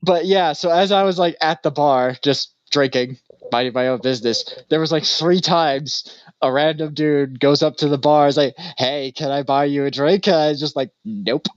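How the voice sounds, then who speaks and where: Man, podcast co-host, casual rambling story, fairly high voice, dry dull sound. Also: normal speed, clean tone, no room sound. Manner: rambling, laughs often, deadpan when quoting himself.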